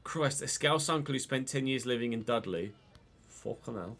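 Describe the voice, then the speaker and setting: A man with a cough, streaming a football game and commentating live, excitable and swearing freely while chatting to viewers. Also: medium pitch, brisk. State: unwell, coughing. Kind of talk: live gameplay commentary and casual chat.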